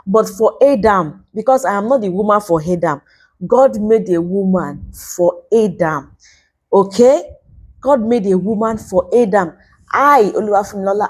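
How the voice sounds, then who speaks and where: A woman's voice: mid-range voice, a little mellow, breathy edge. A young Nigerian woman from Nigeria, earnestly preaching to camera in a casual way and repeating points for emphasis. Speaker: vlogger.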